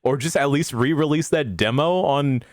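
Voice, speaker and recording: A man's voice: fairly high pitch, moderate pace, no room sound, studio quality. A man co-hosting a casual game podcast, joking and riffing on ideas. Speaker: podcast co-host. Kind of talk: casual chat.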